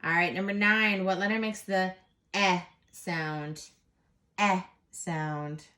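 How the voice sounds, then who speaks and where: A woman teaching a first grade phonics lesson, sounding out letters slowly and patiently and praising the class. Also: lowish voice, fairly even intonation, pushed and bright.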